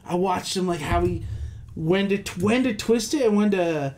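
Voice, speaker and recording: A man chatting casually and excitedly about playing with guitar pedals, swearing now and then. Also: high voice, moderate pace. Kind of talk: casual chat.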